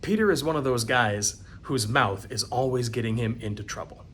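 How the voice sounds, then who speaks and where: A man serving as a parish youth minister, teaching confirmation in a conversational, animated storytelling manner. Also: medium pitch, normal speed, slight background noise. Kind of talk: confirmation catechesis video.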